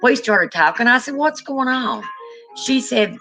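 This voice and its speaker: A woman co-hosting a livestream in casual chat, telling a long story and jumping up in pitch when she quotes people. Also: normal speed, over music, rough recording. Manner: animated storyteller, rises high when quoting. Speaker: livestream co-host.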